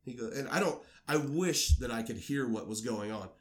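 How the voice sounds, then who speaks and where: A man's voice: mid-range voice, normal speed. A man co-hosting a casual podcast, telling a drinking story with lots of swearing and acted-out voices. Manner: animated, swearing, acts out quoted voices.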